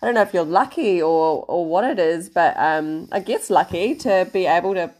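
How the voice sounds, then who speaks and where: A woman hosting a podcast, gushing in casual chat, halting and searching for words. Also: on the low side, darkish tone, poor audio. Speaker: podcast host.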